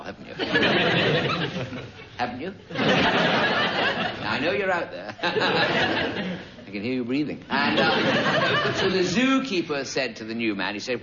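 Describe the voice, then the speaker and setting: A man spins a rambling comic monologue, drifting off into asides and peppering it with "you know." His pitch swoops about in a lively way. The recording is dull and lo-fi, buried under loud noise. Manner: digressive, chatty, peppered with 'you know'. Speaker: comedian.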